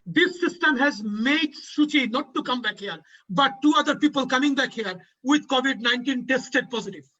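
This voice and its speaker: Male panel host, high bright voice, emotional, dull lo-fi audio. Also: lively intonation, moderate pace, few pauses, breathy edge. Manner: emotional, repeats lines for emphasis. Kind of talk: impassioned advocacy speech.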